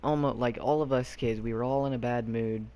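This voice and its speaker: A man's voice: mid-range voice, steady tone, brisk, dark tone, clean tone. A young man from Arkansas telling a childhood story casually, rambling with lots of fillers and loose slang. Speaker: YouTube storyteller.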